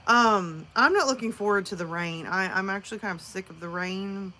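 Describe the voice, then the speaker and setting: A woman's voice: mid-range voice, normal speed, pushed and bright, a little hiss or hum. A woman from northern Alabama with a Southern American accent, chatting casually and rambling with viewers on a live stream, laughing often. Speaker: livestream host.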